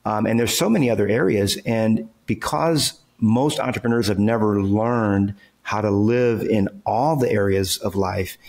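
A man's voice: on the low side, measured pace, hardly any pauses, a little mellow. A man who is a real estate entrepreneur and coach, guest on an interview, explaining his ideas emphatically in casual talk with everyday examples and frequent checks like "okay" and "right".

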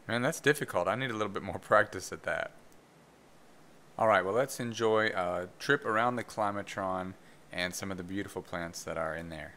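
A man's voice: deep voice, moderate pace, sharp tone. A man hosting a casual plant vlog, talking in a friendly, conversational way with the odd "uh". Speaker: vlog host. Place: botanical garden greenhouse.

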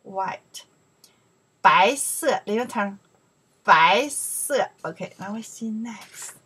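A woman teaching beginner Chinese, saying each word slowly and asking the listener to repeat it, with soft-spoken English asides. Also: mid-range voice, lively intonation, breathy edge. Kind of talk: slow beginner language lesson.

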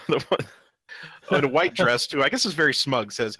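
A podcast co-host reads a webcomic aloud on a comedy show, giggling often and voicing the panel dialogue in silly voices. His medium-pitched voice is sharp and slightly rough, his pace slow, and there's no room sound.

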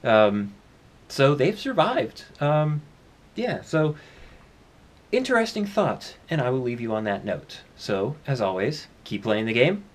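A man's voice: mid-range voice, sing-song, slow. A man vlogging in a rambling, chatty way, holding the camera and talking into its built-in mic. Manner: rambling and chatty, with many "uh" and "I mean" asides. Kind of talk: casual solo vlog. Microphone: handheld camera's built-in mic.

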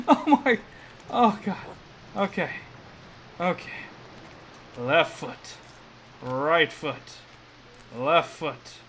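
A man's voice: on the high side, very animated, very slow, long pauses, a bit bright, slight background noise, rough recording. A man hosting a let's play, commenting on his gameplay and groaning in frustration as he keeps failing. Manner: frustrated, groaning and muttering at the game.

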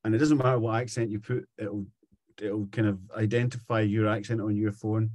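Speaking briskly in a lowish voice, this middle-aged Scottish man is a musician guest in a relaxed interview. He's chatty and tells his stories with animation, and the recording sounds dry.

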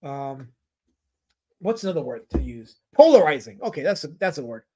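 A man's voice: on the high side, sing-song, moderate pace, warm tone. A man hosting a casual livestream about comic artists, rambling, answering his chat and putting on playful mock outrage.

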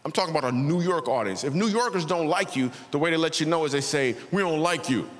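Animated male comedian in a big hall. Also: fairly high pitch, fast, background noise. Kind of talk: stand-up comedy set in a church. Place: large church auditorium. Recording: reverberant hall, faint ambience.

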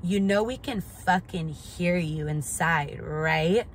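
Casting: woman doing a hostile, cursing mom in her forties or fifties, a little low. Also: slow pace, slight background noise. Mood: aggressive. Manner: cursing, confrontational. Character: aggressive middle-aged mother swearing.

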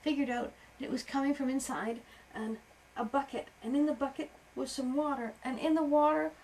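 A woman improvising a story for a young child at home, animated, with playful sound effects and soft asides. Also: high voice, brisk, slight background noise, poor audio.

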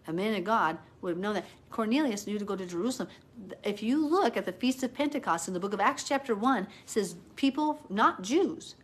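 In a casual, live-streamed Bible teaching, a woman speaks in an earnest, chatty way. She pauses to answer viewer comments and acts out quoted people with sudden jumps in pitch.

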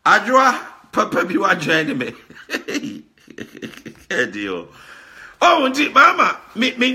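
Animated Ghanaian man, bright and lively. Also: mid-range voice. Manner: lively, emphatic, repeats words, laughs often. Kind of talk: animated commentary mixing Twi and English.

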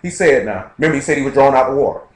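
A man leading an informal Bible study sermon, quoting scripture rapidly and checking in with his listeners. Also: medium pitch, expressive. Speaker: preacher. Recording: echoey live-streamed room.

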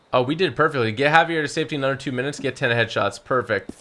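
A young man doing excited gameplay commentary who talks in frequent exclamations. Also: mid-range voice, very fast, hardly any pauses, slight background noise. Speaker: gaming YouTuber.

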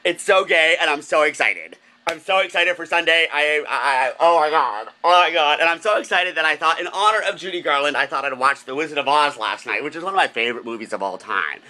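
A man's voice: on the high side, brisk, few pauses, bright, forceful tone. A man hosting a comedic vlog, flamboyant and gushing, recorded on a phone. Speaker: vlogger host.

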